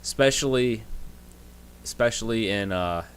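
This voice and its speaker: Halting low-voiced male game master. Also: slight background noise. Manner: halting, with many restarts. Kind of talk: narrating a tabletop game.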